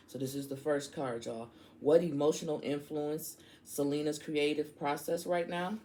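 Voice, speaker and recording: A woman's voice: on the low side, a little slow, few pauses, warm tone. A woman giving a casual spoken tarot reading. She is outspoken and slangy, and she talks straight to her listeners. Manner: chatty, addresses listeners directly. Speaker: tarot reader.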